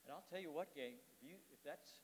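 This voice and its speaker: High-voiced preacher in a reverberant hall. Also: male voice, fast. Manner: reads scripture aloud, then explains it with rhetorical questions to the congregation; swings between loud emphatic lines and soft, quiet asides. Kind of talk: sermon.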